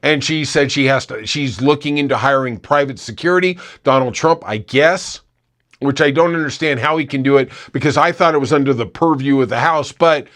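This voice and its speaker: A man's voice: medium pitch, fairly quick, fairly bright tone. A man hosting a political podcast, delivering opinionated commentary with sarcastic, mocking asides.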